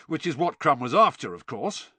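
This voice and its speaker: Easygoing young man, steady and reassuring, with a bright lively tone, as read by a male narrator. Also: fairly high pitch, normal speed, husky, exaggerated voice. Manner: easy and reassuring.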